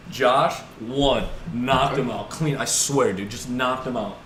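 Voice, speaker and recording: At mid-range pitch and a slightly slow pace, this young co-host in his twenties barely pauses as he rambles through casual stories full of "like" and "dude." His retelling is animated; the room is echoey and noisy.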